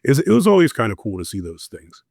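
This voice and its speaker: A man, a former warrant investigator, telling stories in a relaxed, anecdotal way in an interview. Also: medium pitch, fast talker, creaky, no room sound, studio quality. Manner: relaxed, anecdotal, lots of fillers. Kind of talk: casual interview storytelling.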